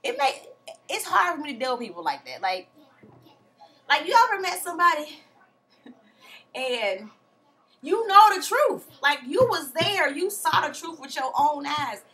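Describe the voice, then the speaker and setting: A woman's voice: high-pitched, very animated, normal speed, long pauses, pushed and bright. A woman recapping a reality show from home in a casual, chatty way, full of slang and acted-out quotes. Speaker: TV recap vlogger.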